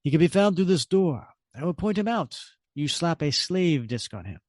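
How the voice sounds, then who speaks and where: A man's voice: a little high, big pitch swings, moderate pace, no echo, pitched above the performer's own voice. A scheming villain mastermind barks orders in a lifted, theatrical comic-reading voice, as a man puts him on. The sound is close and dry, with no room around it. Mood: commanding. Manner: commanding, theatrical.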